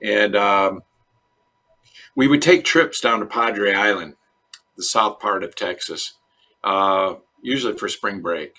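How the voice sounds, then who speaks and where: Bright-voiced man telling stories, low pitch. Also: slow pace, pauses often. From Chicago. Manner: relaxed storyteller, acts out quoted voices. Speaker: dentist guest. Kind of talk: conversational interview answers.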